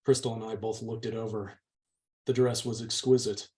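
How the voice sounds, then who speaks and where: A man's voice: lowish voice, level tone, moderate pace, a little mellow. A man, the channel's host, steadily reading a novel's chapter aloud. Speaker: book reader, channel host.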